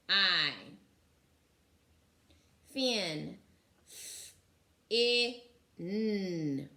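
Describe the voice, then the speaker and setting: A woman teaches young children to read, sounding out each letter with slow, clear care. She praises often in a bright, lively tone. Her pace stays unhurried throughout. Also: medium pitch. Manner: encouraging. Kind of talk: recorded phonics lesson for young children.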